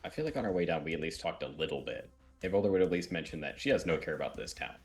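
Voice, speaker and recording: A man's voice: a bass voice, lively intonation, racing, breathy edge, soft background music. A man playing in a tabletop game, bantering and joking with the table. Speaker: player. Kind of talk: casual tabletop gaming chat.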